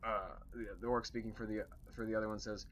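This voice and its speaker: A man's voice: on the low side, little pitch movement, fast talker, a bit bright. Man rambling through a game recap. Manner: rambling, lots of fillers and restarts. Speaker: dungeon master. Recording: dull lo-fi recording with faint hiss.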